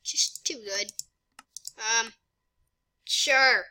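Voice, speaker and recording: A woman giving excitable, chatty let's play commentary as a gaming channel host, talking to herself as she plays. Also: fairly high pitch, drawn-out words, rough recording.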